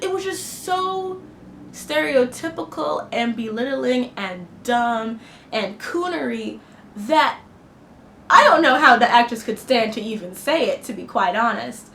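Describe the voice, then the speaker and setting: A woman with a fairly high voice delivers a blunt, impassioned film review. She sounds indignant and talks casually. Her voice rings in an echoey room over a faint background hiss. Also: fairly bright tone. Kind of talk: opinionated spoken film review.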